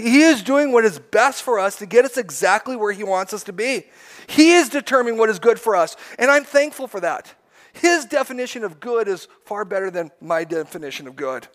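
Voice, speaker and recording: A man preaching a sermon as pastor, earnest, asking many questions and often repeating words. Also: sits high.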